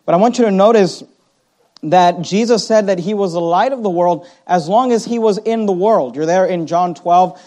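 A man preaching a sermon as pastor, reading scripture aloud and slowing down to stress key words. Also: high voice, mellow. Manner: reads scripture aloud, slows down for emphasis.

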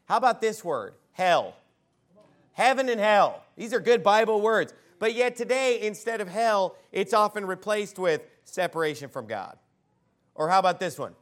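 Fiery high-voiced man preaching a sermon. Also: big pitch swings, moderate pace. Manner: fiery preaching, sudden shouts. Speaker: pastor.

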